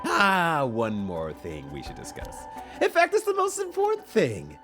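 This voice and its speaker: Dude putting on a smug sadistic villain voice, sing-songy and mean, pitch swooping everywhere. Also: male voice, huge pitch swings, unhurried, over music, heavily acted. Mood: taunting. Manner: mocking, sing-song menace. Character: gleeful sadistic male villain taunting his enemy.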